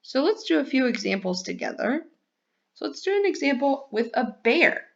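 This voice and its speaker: A woman teacher giving a lesson to young children, speaking clearly and drawing out her words in a sing-song way. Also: high voice, sing-song, moderate pace, muffled recording.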